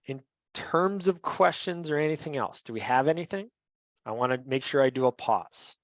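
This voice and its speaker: A man's voice: medium pitch, lively intonation, moderate pace. A man in a mid-range voice walks trainees through officiating rules like a coach talking to his crew. He keeps it conversational and keeps checking in with "right?". The sound is dull and lo-fi, with no room echo. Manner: conversational, repeats "right?" often. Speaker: referee trainer. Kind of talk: training lecture.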